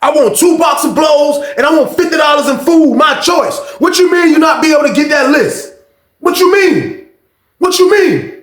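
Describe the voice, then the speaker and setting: A man voicing a short, loud, menacing male inmate who shouts demands for money he is owed. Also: very high-pitched, lively intonation, moderate pace, voice pushed up, heavily acted. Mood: demanding. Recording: echoey room.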